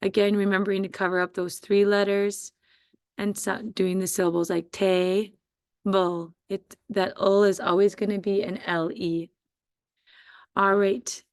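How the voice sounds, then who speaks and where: A woman teacher giving a slow, patient spelling dictation to first graders. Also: mid-range voice, little pitch movement, clean tone, dry recording, clean studio sound. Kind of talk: spelling quiz dictation for young students.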